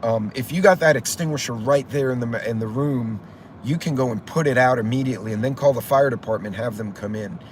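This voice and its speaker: A man's voice: medium pitch, brisk, a little hiss or hum. A middle-aged man hosting a casual livestream, telling stories in a rambling, profane way. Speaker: channel host.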